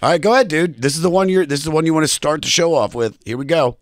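A man's voice: a little high, very fast, no room sound, clean studio sound. A man from Maryland co-hosting a comedy podcast, teasing and laughing through the banter. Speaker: podcast co-host. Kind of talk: casual comedy chat.

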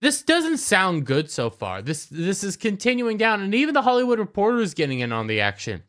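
A man's voice: sits high, sing-song, a little fast, fairly bright tone. Sarcastic young guy ranting on camera. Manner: sarcastic, mocking, repeats words when starting sentences. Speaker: YouTube commentator. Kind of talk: casual rant commentary.

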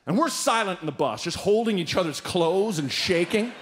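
Lively-pitched man telling a stand-up story. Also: moderate pace. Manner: animated, acts out characters with big voice jumps. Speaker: stand-up comedian. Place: live stage before an audience.

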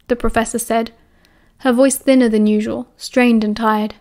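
A woman's voice: on the high side, level tone, moderate pace, darkish tone. A woman with a British accent reading an audiobook chapter aloud, shifting her voice for the characters. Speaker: audiobook narrator.

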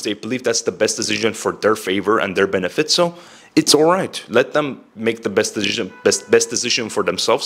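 A man's voice: mid-range voice, fairly bright tone. A young man giving casual self-improvement advice in a direct, chatty way, saying "like" and "bro" a lot. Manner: direct, heavy use of "like" and "bro".

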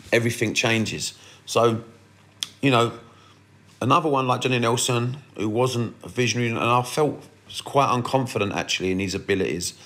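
A man's voice: mid-range voice, fairly bright tone. A man hosting a podcast, telling stories in a blunt, rambling way and swearing freely. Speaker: podcast host. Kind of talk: casual storytelling monologue.

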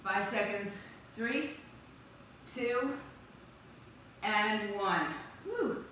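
Bright-voiced woman coaching a workout, echoey. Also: medium pitch, expressive. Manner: brisk counting cues and upbeat encouragement. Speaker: fitness instructor. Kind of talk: live workout class coaching. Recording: very echoey room, distant mic, faint noise.

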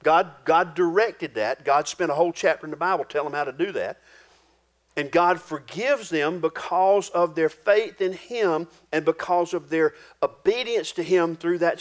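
This pastor, a man with a fairly high voice, delivers a sermon to his congregation in a folksy, homespun style full of rural expressions. When he reaches the weighty points, he drops his voice low and quiet.

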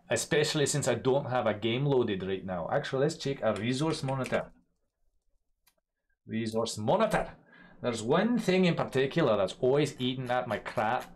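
A young man chats casually with viewers on a livestream, laughing and swearing as his voice frequently jumps loud and high.

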